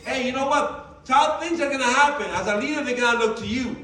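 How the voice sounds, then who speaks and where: A man's voice: very high-pitched, fairly quick, bright, forceful tone, slight background noise. A man giving a motivational talk to a live audience. He is emphatic, repeats his key phrases and quizzes the listeners. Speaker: motivational speaker for a sales team. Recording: very echoey room, mic far off.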